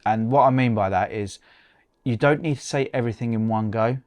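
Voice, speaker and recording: A man co-hosting a podcast, giving practical advice in a relaxed, chatty way and often restarting words. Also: mid-range voice, brisk, dry recording. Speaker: podcast co-host. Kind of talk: casual advice chat.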